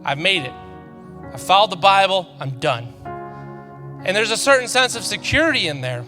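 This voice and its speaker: A man delivers a sermon with a bright, forceful tone and a slightly high pitch. He tells animated, self-deprecating stories. The sound carries a long church-hall reverb over faint background music. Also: normal speed. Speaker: pastor. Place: church auditorium.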